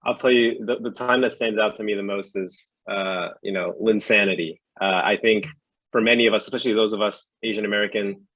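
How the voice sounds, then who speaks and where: A man in his thirties from New York talks casually as a guest, circling back and repeating words as he finds his point. His voice is a little husky, and the recording is close and dry with no room sound. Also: on the low side, steady tone, brisk, fairly bright tone, dry recording, rough recording. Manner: hesitant, repeats words while searching for thoughts. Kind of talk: casual podcast chat.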